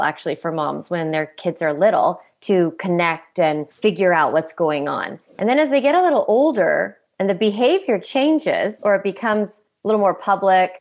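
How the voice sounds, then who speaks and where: A middle-aged woman, a parenting coach, talking in a podcast interview and acting out parents' voices as she explains. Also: fairly low pitch. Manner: animated, acts out parents' voices in quotes.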